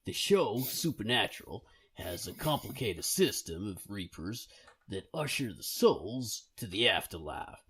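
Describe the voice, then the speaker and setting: A man's voice: lowish voice, sing-song, a little slow, a bit bright, husky. A playful British man co-hosting a casual podcast and reading listener mail aloud. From Britain. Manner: playful, jokey, laughs easily. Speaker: podcast co-host.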